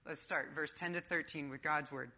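Woman preacher, bright forceful voice, slightly low pitch, emphatic sermon. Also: fairly even intonation, normal speed. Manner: emphatic, coach-like preaching with casual asides.

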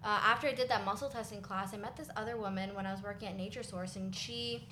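A woman's voice: medium pitch, quick pace. Woman chatting in an echoey room. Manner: animated storyteller who quotes others. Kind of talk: casual chat. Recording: roomy echo with light noise.

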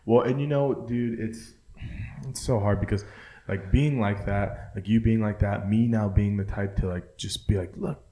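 A man's voice: lowish voice, steady tone, moderate pace, dark tone. A young man co-hosting a podcast, chatting casually, profane and rambling with lots of filler words. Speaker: podcast co-host. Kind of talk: casual chat.

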